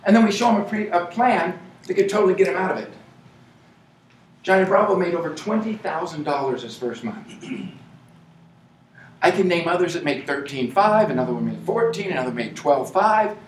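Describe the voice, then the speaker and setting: An American man giving a lively motivational speech at a sales event, punching key points with shouts and humor. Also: sits high, normal speed, pauses often, distant mic, a little hiss or hum. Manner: energetic, playful, shouts for emphasis. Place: large event hall with audience. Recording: echoey hall, voice from afar.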